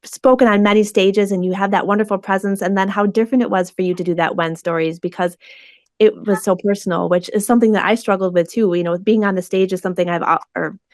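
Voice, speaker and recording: A woman's voice: medium pitch, fairly even intonation, fast, dry recording, clean studio sound. A woman hosting a podcast, who affirms her guest and asks reflective questions. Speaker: podcast host. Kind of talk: conversational interview.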